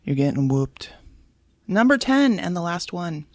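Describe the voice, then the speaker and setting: A woman's voice: fairly low pitch, sing-song, a little slow, dry recording, studio quality. A woman co-hosting a casual podcast, reading out quiz clues and laughing easily. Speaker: podcast co-host.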